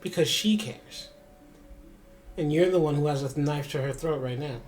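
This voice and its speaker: A man's voice: fairly high pitch, normal speed, darkish tone, faint music behind, lightly acted. A man voicing an older rogue who stands up to his angry son, firm and defiant.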